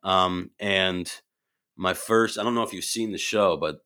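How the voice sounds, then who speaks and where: Bright-voiced man telling animated stories. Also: sits low, unhurried. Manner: animated, acts out voices in his anecdotes. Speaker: improv performer and actor. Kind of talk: casual storytelling chat.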